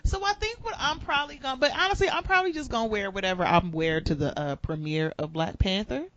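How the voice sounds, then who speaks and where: A woman's voice: medium pitch, quick pace. A woman co-hosting a podcast, chatting casually and joking around with lots of laughter. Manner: animated, joking, laughs often. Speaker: podcast co-host. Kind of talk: casual comedic chat. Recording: muffled lo-fi podcast audio.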